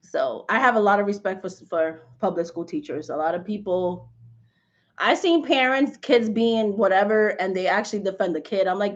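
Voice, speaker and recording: A woman in her forties chatting casually with viewers, telling animated stories and laughing often. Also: mid-range voice, moderate pace. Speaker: spiritual reader and channel host. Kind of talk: casual live chat with viewers. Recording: dull lo-fi livestream audio.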